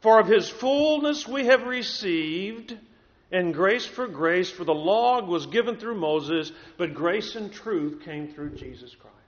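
A man's voice: high voice, expressive, slow pace. A man preaching a sermon to a congregation, earnest, repeating words as he builds his points. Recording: echoey room, dull lo-fi sound.

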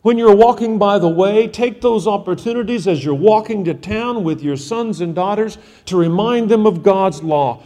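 A man's voice: high-pitched, moderate pace, few pauses, dark tone, long reverb tail. A man preaching a sermon to fathers, driving his points home through emphatic repetition.

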